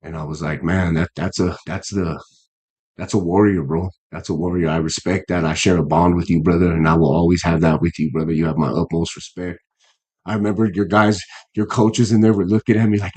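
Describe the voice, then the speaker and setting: A man's voice: low voice, steady tone, fairly quick, a little mellow, breathy edge. A man in his fifties, a guest boxer in a casual interview, talking earnestly with many restarts and fillers. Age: 50s.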